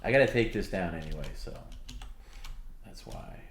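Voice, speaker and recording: A man's voice: low-pitched, sing-song, moderate pace, gravelly, reverberant, slight background noise. A man co-hosting a casual livestream, reading viewer comments aloud in a loose, rambling way. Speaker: stream co-host.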